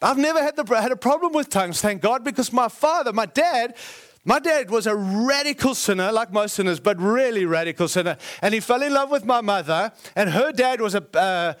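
Man preaching, high voice, animated storytelling, self-correcting asides. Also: brisk. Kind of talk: sermon.

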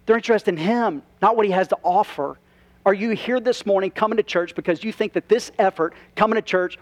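A pastor in a church preaches a sermon to his congregation in a conversational style, full of rhetorical questions and asides. His voice is high, and the audio is dull.

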